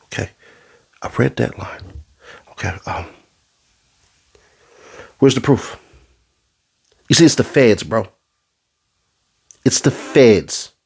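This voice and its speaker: A man doing a casual commentary rant, full of street slang, who swings from low asides into high, exasperated outbursts. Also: animated, slow pace, creaky, pauses often, husky. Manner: street slang, addresses the audience as bro. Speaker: commentary vlogger.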